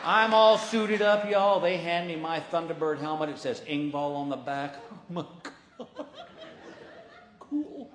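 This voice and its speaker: A man's voice: a little high, measured pace, a crowd in the background, background noise. Folksy man doing stand-up. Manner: folksy storytelling, acting out other people's voices. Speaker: stand-up comedian. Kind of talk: stand-up comedy routine. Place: large hall before a live audience. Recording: roomy live venue sound.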